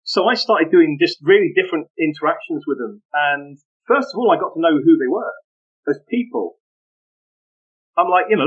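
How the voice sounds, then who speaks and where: Brief: male podcast guest, higher voice, animated anecdotes, muffled lo-fi sound. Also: normal speed, slightly rough. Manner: animated, laughing, full of anecdotes. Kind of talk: casual storytelling interview.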